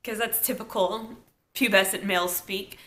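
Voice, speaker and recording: A woman with a steady, medium-pitched, slightly bright voice reviews a TV episode at moderate pace. The recap is casual and talkative, with lots of "like," laughs and side comments.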